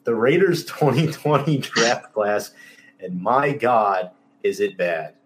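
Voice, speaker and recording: A man's voice: medium pitch, lively intonation, slow, a little hiss or hum. A man hosting a casual sports talk show, emphatic, exasperated and openly sarcastic. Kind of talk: casual sports podcast chat.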